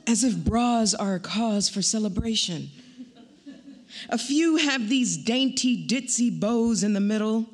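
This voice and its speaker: Poet, female, live reading: wry and rhythmic, high voice. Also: lively intonation. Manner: wry, rhythmic delivery with pointed pauses.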